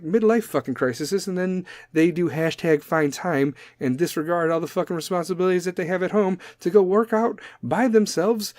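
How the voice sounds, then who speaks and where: A man's voice: a little high, a little mellow, no echo, studio quality. A man in his thirties hosting a podcast, ranting in a blunt, sarcastic way and swearing constantly. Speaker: podcast host. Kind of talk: profane comedic rant.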